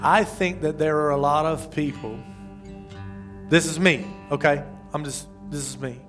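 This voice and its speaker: A man preaching a sermon as pastor, talking to the congregation conversationally, with restarts and sudden loud rises. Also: a little high, steady tone, unhurried, faint music behind.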